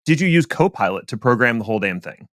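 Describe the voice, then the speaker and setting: A man's voice: mid-range voice, very animated, a bit bright, no echo, studio quality. A man hosting a podcast, joking around in casual chat over a remote call. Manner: jokey, playful, quick to laugh. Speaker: podcast host.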